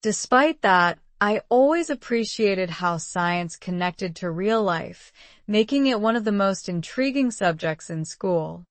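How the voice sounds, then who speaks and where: A woman reading out model exam answers in an even, polished, measured way. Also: medium pitch, no room sound. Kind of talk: scripted reading of sample answers.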